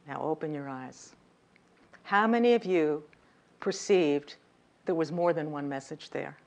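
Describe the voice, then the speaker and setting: A woman with a slightly low voice runs a speaking workshop in a lecture room. She leans hard on key words and checks in with her listeners as she goes. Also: a little slow, creaky, long pauses. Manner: emphatic, demonstrative, direct with audience. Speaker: communication coach.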